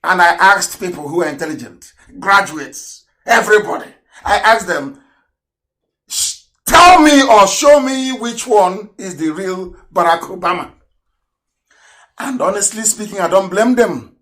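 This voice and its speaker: Man delivering a live broadcast monologue, combative, laughing mid-rant, moves between loud and low. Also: lively intonation, measured pace. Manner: emphatic and combative, swinging from shouted points to low asides; laughs often while talking. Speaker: radio broadcaster.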